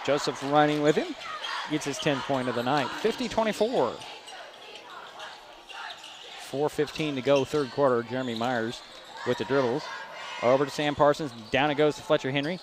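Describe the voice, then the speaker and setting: Man calling high school basketball. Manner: brisk, chatty, rises at big plays. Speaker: play-by-play announcer. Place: school gym. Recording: gym noise behind broadcast mic.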